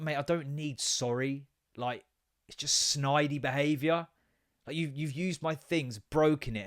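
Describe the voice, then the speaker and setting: A man, a podcast host telling an exasperated, sweary story about his kids. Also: a little high. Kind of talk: casual ranting monologue.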